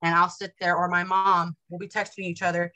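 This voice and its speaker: A woman, a mother of young kids, talking as a guest in a casual spiritual conversation, animated and acting out quotes from her family. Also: lowish voice, brisk, low-quality recording.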